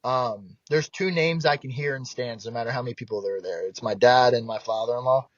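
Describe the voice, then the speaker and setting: A young man from South Jersey, a baseball pitcher guest, telling stories in a lively, profane way and acting out quoted voices. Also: a little fast, no room sound. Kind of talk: casual storytelling. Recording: dull dry podcast mic.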